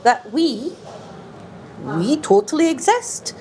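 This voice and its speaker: A Scottish woman hosting a podcast, chatting casually, animated, laughing often and echoing her guest's words. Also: high-pitched, slow pace, slight background noise. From Scotland. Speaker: podcast host. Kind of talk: casual chat.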